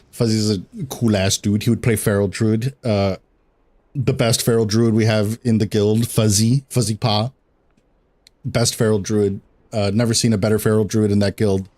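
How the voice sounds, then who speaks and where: A man's voice: fairly low pitch, a little mellow. A young man streaming and chatting casually about games, rambling, swearing a lot and laughing often. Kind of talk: casual chat while gaming.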